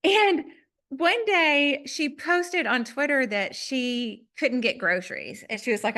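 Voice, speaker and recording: Appearing as a guest author in a podcast interview, a Southern US woman shares a personal story with animated, self-deprecating humor. Her voice is fairly high-pitched, and she speaks slowly.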